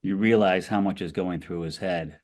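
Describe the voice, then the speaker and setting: A man guest on a podcast talks in a very low voice. He is thoughtful and tends to ramble, with frequent restarts and asides as he explains his ideas. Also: moderate pace, darkish tone. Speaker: author guest. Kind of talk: podcast interview.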